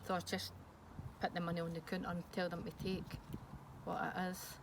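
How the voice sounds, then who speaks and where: Her pitch is fairly low with little movement, and she talks at a moderate pace: a middle-aged Scottish woman in a candid personal interview, frank but hesitant, with frequent ums and restarts. A noisy hiss runs underneath.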